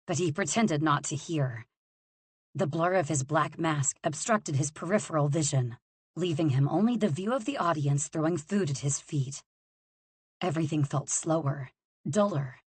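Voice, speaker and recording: A woman reading an audiobook aloud in measured, scripted narration. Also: deep voice, expressive, breathy edge, no room sound. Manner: measured storytelling.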